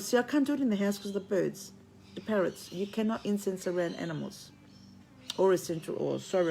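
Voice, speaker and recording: A woman's voice: medium pitch, darkish tone, slight background noise. A woman with Greek roots who lives in Australia, giving a blunt, preachy livestream monologue from home to her viewers, swearing freely and calling them friends. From Greek heritage, living in Australia. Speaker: online spiritual commentator. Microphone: phone.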